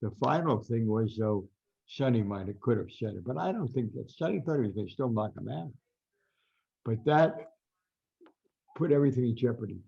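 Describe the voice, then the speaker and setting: Gravelly older man telling boxing stories. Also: mid-range voice, moderate pace, long pauses, muffled recording. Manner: animated storyteller, acts out quotes loudly. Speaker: guest boxing writer. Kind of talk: storytelling interview.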